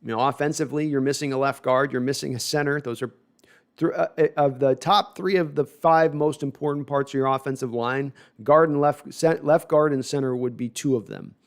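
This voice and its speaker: A man with a gravelly, mid-range voice hosts a casual live sports talk stream. He rambles through viewer comments with self-deprecating asides and keeps restarting his sentences. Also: mid-range voice, fairly even intonation, a little fast. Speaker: host reading viewer comments.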